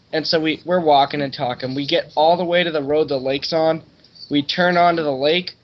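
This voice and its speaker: A man's voice: on the high side, lo-fi sound. A young man on a podcast, telling a loose, rambling story in casual chat with plenty of swearing. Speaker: podcast co-host.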